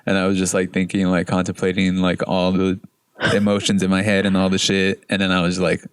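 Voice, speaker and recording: A young man co-hosting a podcast, telling stories in a relaxed way, full of "like" and fillers. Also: sits low, brisk, smooth, dry recording, clean studio sound. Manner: relaxed, filler-heavy storytelling. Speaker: podcast co-host. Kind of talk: casual podcast chat.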